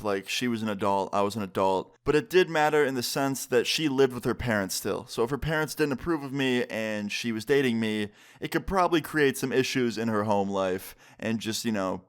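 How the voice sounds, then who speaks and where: A man's voice: mid-range voice, brisk, hardly any pauses, clear, resonant tone. A young man telling a story on his YouTube channel in a casual way, with lots of "like" fillers. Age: young adult. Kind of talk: storytime vlog.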